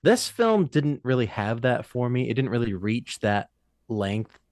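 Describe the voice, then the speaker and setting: A man's voice: mid-range voice, very animated, unhurried, a little mellow, dry recording, studio quality. Opinionated man in a casual chat. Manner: opinionated, with hesitant fillers.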